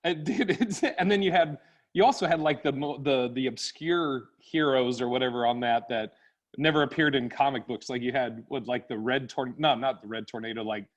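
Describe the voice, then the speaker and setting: A middle-aged man in casual podcast conversation, drifting from one tangent to the next. He laughs easily and tells his stories in a loose, unhurried way, with his pitch sitting right in the middle. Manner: laughs often, rambling storytelling. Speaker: podcast host.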